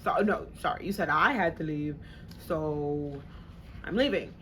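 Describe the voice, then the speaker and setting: A woman's voice: low-pitched, a little slow, a bit bright, a little hiss or hum. Candid swearing woman telling a story. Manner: candid, swears freely, slangy; acts out the people she quotes. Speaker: storytime vlogger. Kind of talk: casual storytelling.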